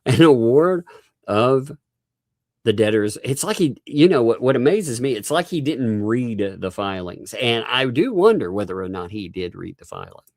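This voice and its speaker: A man's voice: medium pitch, sing-song, moderate pace, a little mellow, no room sound, studio quality. A man hosting a casual livestream, reading court filings aloud with sarcastic asides and laughs.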